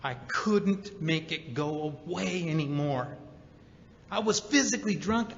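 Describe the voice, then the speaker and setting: A man's voice: on the high side, unhurried, creaky, slight background noise. A man giving a personal recovery testimony at a convention, telling his story with emotional emphasis. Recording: roomy hall reverb, dull sound.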